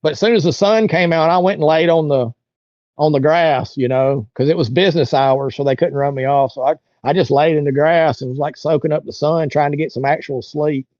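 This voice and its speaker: A man's voice: a little high, a little fast, a little mellow, no room sound, muffled recording. A man, an interview guest, telling a long personal story in a casual, rambling, colloquial way and acting out what others said.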